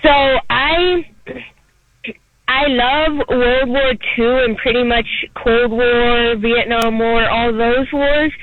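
A man's voice: very high voice, fairly even intonation, slow, no room sound. A young man calling into a show, talking eagerly and rambling about his interests over a phone line. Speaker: caller. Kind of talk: phone call to a live show.

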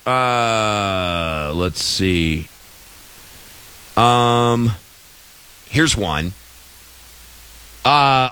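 A man's voice: mid-range voice, animated, slow pace, long pauses, sharp tone, dry recording, low-quality recording. A man telling a story in a casual, exasperated rant, with sarcastic asides, as a host at the mic.

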